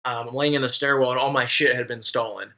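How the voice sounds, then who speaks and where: Male podcast co-host, bright edgy timbre, casual slangy storyteller. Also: medium pitch, fairly even intonation, fast talker, rough recording. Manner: slangy and candid, peppered with "dude" and "like".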